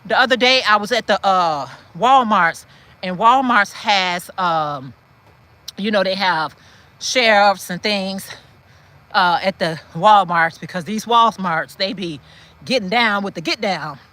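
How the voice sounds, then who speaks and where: A woman with a bright, forceful voice talks while she walks outdoors. She gives encouragement in a preachy way, repeats her key lines for emphasis and stops to answer comments from viewers. Her pitch sits in the middle for a woman. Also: a little slow. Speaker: channel host. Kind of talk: encouraging walk-and-talk chat. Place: outdoors, walking in a city.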